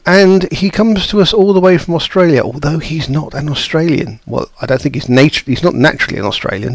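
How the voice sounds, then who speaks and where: A man's voice: mid-range voice, vocal fry, dry recording. A man hosting a podcast, chatting casually with lots of ums and restarts. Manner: rambling, with many fillers and restarts. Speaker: podcast host.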